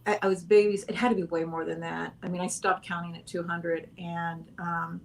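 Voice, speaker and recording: A woman's voice: on the low side, little pitch movement, brisk, vocal fry. A woman guest in a casual interview, telling a long story in a rambling way, correcting herself and laughing often.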